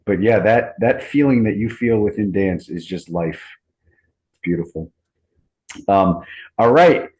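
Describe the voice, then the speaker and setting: A man in his thirties hosting a group video call, talking in a relaxed, rambling, enthusiastic way. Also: on the low side, measured pace, long pauses, rough recording. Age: 30s. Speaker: host.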